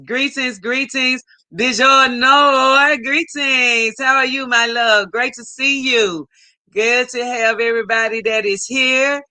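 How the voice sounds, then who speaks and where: A woman hosting a casual livestream, warmly greeting viewers by name and reading out their chat messages. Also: fairly high pitch. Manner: warm, effusive greetings, reading out chat names. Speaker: livestream host. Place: home in Ghana.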